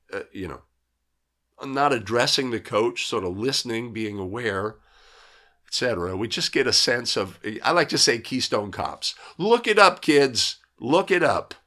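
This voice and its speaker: A man's voice: on the low side, fairly bright tone. A man teaching basketball officials in a live lesson, talking casually, checking in with "right?" and answering viewers' comments. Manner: conversational, keeps asking "right?". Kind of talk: live video breakdown lesson.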